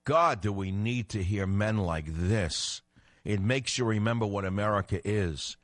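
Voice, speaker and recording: Talk radio host, middle-aged man, lowish voice, dry studio sound, combative and emphatic. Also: a little slow, no echo. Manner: combative, emphatic, swings from low to loud outbursts. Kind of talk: political talk radio monologue.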